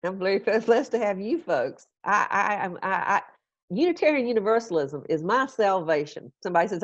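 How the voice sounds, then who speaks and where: Animated and folksy, a middle-aged woman minister chats through questions from the congregation, chuckling often. She has a mid-range, darkish voice at normal speed, no room sound, and the lo-fi stream audio is dull and dry.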